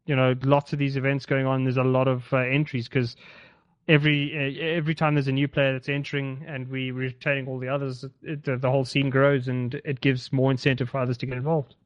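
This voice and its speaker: Halting male podcast co-host, lo-fi. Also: mid-range voice, flat delivery. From South Africa. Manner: halting, many fillers and restarts, teasing. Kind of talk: casual podcast chat.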